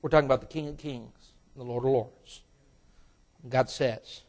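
A man preaching a sermon to young people, telling a story and acting out its characters in sudden loud bursts, then dropping low and quiet. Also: steady tone, normal speed, pauses often.

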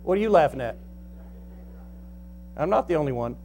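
High-voiced folksy preacher. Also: male voice, lively intonation, mellow, a little hiss or hum. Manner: folksy and joking, quizzing the congregation, slow stressed lines. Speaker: pastor. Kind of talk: sermon.

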